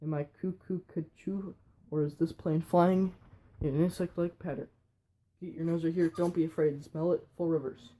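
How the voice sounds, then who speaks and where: A man reading a whole film script aloud in a quick, flat way with slips. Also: fairly high pitch. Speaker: reader.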